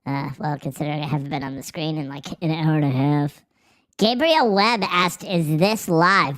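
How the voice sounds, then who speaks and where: A man hosting a livestream through a pitch-shifting voice changer, chatting casually while reading viewer comments, sarcastic and profane with frequent laughs. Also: normal speed, fairly bright tone. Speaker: livestream host. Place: office.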